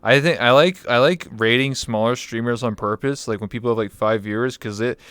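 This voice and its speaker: A man hosting a casual streamed interview, telling lively stories and acting out the reactions of other people. His voice is smooth and resonant, recorded dry and close with no room sound. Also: mid-range voice, brisk, no room sound. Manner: animated storyteller, acts out other people's reactions. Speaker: interview show host. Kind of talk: casual chat.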